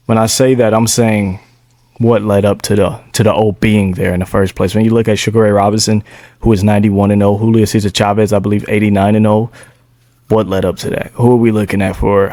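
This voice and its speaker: A young man co-hosting a podcast in a casual sports debate, talking in a laid-back, measured way and dropping in "bro" and "man". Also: on the low side, a little mellow, dry recording, studio quality. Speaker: podcast co-host.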